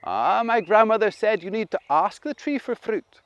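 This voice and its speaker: A man's voice: sits high, expressive, normal speed, a bit bright, dry recording, muffled recording, voice pushed up. A man voicing a small, eager rabbit in a children's story. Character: helpful little rabbit who recalls grandmother.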